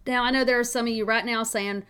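A woman's voice: fairly high pitch, steady tone, quick pace, a bit bright, clean tone. A woman from Tennessee talks straight to her listeners in a motivational podcast. Her delivery is upbeat and folksy, full of homespun stories and rhetorical questions. She has the easy voice of a mother and a regular show host. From Tennessee, USA. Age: adult with children.

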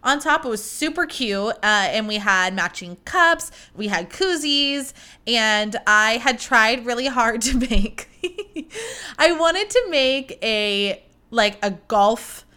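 A woman's voice: fairly high pitch, pushed and bright, clear, resonant tone. A young woman hosting her own podcast, chatting in a bubbly, rambling way with lots of fillers. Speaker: podcast host. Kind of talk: casual chat.

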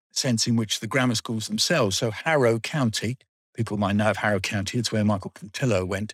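An older Englishman, a guest in a reminiscing interview, tells school memories in a rambling, dryly funny way. His voice is mid-range and the recording is dry.

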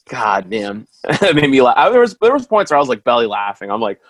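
A man in casual political chat, animated and swearing, getting loud and worked up when angry. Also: mid-range voice, normal speed, no room sound.

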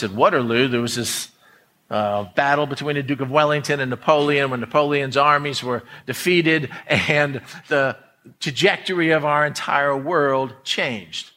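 Male preacher, bright forceful tone, slightly high pitch, deliberate emphatic sermon delivery. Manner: slow, emphatic preaching with dramatic pauses. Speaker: pastor.

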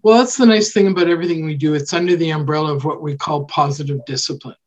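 A woman's voice: sits low, fast, a little mellow, a little hiss or hum. A woman from Canada, a child development specialist, explaining parenting ideas in an earnest, conversational way on a podcast. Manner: earnest, explanatory, often says "right?" and "you know".

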